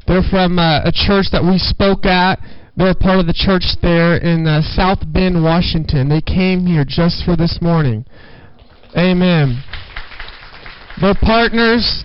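Male preacher, fervent sermon delivery, high voice; dull, dry sound. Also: clean tone, dry recording. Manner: fervent, call-and-response exhortation. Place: church service.

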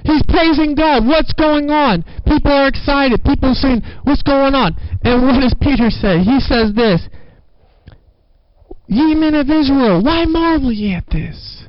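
A man's voice: very high voice, unhurried, no echo, dull audio. A male pastor preaching a sermon with rising fervor, repeating phrases for emphasis.

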